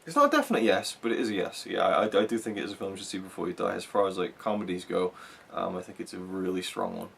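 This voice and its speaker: A man with a fairly low voice hosts a relaxed film review chat. He rambles eagerly, often restarting his sentences as he works through his thoughts. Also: fast, gravelly, slightly rough. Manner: rambling, enthusiastic, many restarts. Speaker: film reviewer, show host.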